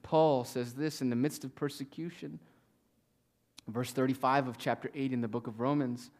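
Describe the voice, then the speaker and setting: A male pastor preaching a sermon to a congregation, reading scripture with slow stressed pauses and swinging between loud emphasis and hushed near-whispers. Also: mid-range voice, fairly even intonation. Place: church in front of a congregation.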